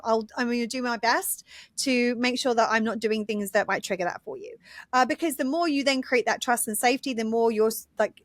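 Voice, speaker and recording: A woman co-hosting a casual podcast, explaining her ideas at length in an earnest, lively way. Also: fairly high pitch, no echo, clean studio sound. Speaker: podcast co-host.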